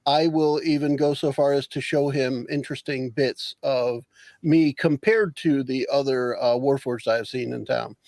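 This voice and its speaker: A man playing a tabletop game, calmly explaining what his character does. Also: medium pitch, no echo, poor audio. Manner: measured, explaining his plans. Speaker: player.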